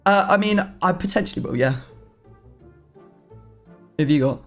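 Gravelly, self-mocking gaming host. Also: male voice, on the high side, animated, normal speed, faint music behind. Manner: chatty, self-mocking banter. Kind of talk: casual gaming chat.

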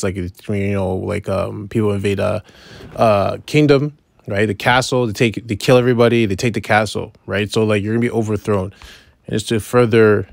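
A man giving an informal scripture lesson, reading verses slowly and then explaining them in casual talk, checking in with "right?" after nearly every point. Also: on the low side, creaky, no echo, clean studio sound. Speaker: bible teacher.

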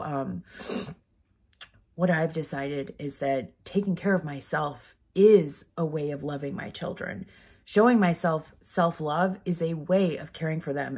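A woman's voice: deep voice, darkish tone, slightly rough. A mother speaking in a candid personal vlog, rambling and heartfelt, emotional and close to tears. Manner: rambling, heartfelt, many "like" fillers. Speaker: vlogger, mother.

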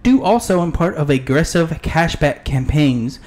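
A man's voice: fairly high pitch, expressive, moderate pace, a little mellow. Chuckly, rambling podcast host man. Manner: rambling, chuckly, trails off mid-word. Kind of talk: casual gaming podcast chat and reading news aloud.

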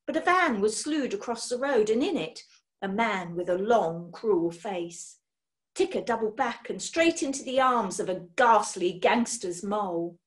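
A woman reading a children's book aloud, expressive, swinging between loud and hushed. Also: on the high side. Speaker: storyteller.

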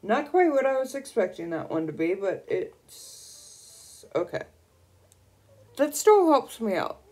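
A young woman streaming a video game, gushing and excitable as she squeals over new items. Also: a little high, slow. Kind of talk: casual gameplay commentary.

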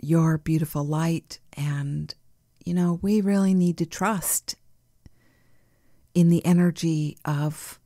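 A woman hosting a spiritual podcast in a soft, nurturing way, laughing easily and sometimes dropping to a whisper. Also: low voice, steady tone, takes it slowly, no room sound, studio quality. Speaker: podcast host. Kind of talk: gentle spiritual podcast chat.

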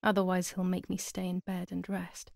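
A woman's voice: on the low side, monotone, moderate pace, vocal fry, a little mellow, dry recording, studio quality. A woman voicing a troubled young woman in a game, speaking a worried inner monologue. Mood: uneasy. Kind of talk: game voice acting.

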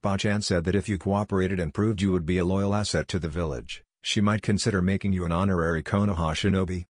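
A man reading the lines of a calm, blunt, blind teenage boy ninja who speaks firmly and commandingly, in a deep, husky voice. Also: fast talker, no echo, clean studio sound.

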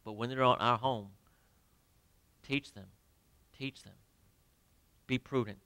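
A male pastor preaching with a bright, crisp and clean voice, recorded dry and close. He swings from quiet, drawn-out emphasis to loud, raised phrases and speaks straight to his congregation. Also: mid-range voice, fairly even intonation, no room sound. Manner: emphatic preaching, pauses and drops to near quiet; addresses the congregation directly with questions. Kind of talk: sermon. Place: church sanctuary.

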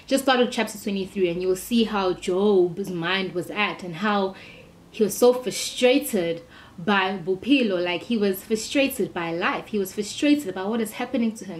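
A young woman, talking casually to camera in a lively, exclamatory way as she encourages her viewers with a Bible story. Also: medium pitch. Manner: lively, exclamatory, preachy and upbeat. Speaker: Christian vlogger.

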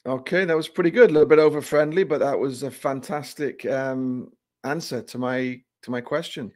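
A man walks through a product demo in a loose, joking way, often restarting his phrases. His voice sits at an ordinary middle pitch. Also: moderate pace, darkish tone. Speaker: company presenter.

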